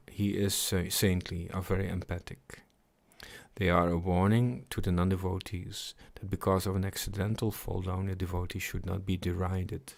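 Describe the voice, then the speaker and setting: A man slowly reading and explaining devotional scripture, chanting at times, pausing to reflect and repeating his words. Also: low-pitched, gravelly. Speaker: scripture reader. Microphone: computer mic on a livestream.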